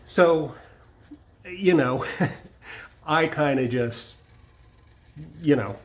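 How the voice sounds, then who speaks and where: A man's voice: on the high side, extremely slow, rough recording. A man telling a personal story in a casual vlog, rambling with many restarts and asides. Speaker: vlogger.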